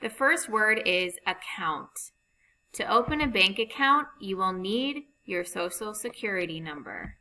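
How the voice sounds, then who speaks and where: A woman teaching a phonics lesson over slides, reading rules and example sentences slowly and deliberately. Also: mid-range voice, lively intonation, pushed and bright, slight background noise, low-quality recording.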